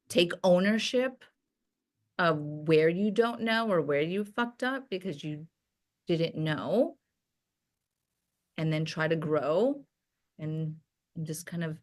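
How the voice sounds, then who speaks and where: A woman speaking as a podcast guest, a doctor and company founder, talking openly and emotionally in a reflective way. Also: fairly low pitch. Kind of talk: candid podcast conversation.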